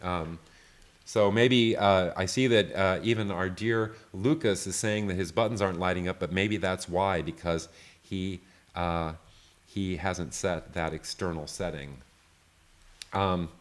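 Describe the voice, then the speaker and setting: A man giving a live online software tutorial, loose and chatty, often checking in with "right?". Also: sits low. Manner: loose, full of fillers and restarts. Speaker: software creator teaching a session.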